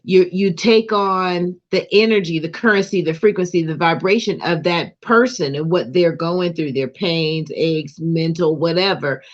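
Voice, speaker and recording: Counselor guest, earnest, listing words, dull lo-fi sound, mid pitch. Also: a little slow, few pauses. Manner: earnest, repeats lists of words. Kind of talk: casual chat.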